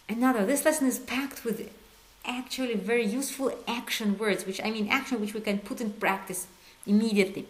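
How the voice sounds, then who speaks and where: Patient woman teaching a language lesson. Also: on the high side. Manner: patient, coaxing quiz-style prompting; switches between slow drilled phrases and quick repeats. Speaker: Hebrew teacher.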